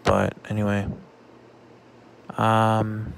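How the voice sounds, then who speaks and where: A man talking casually in a vlog, halting often with fillers and restarts. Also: lowish voice, monotone, gravelly, slight background noise. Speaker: vlogger.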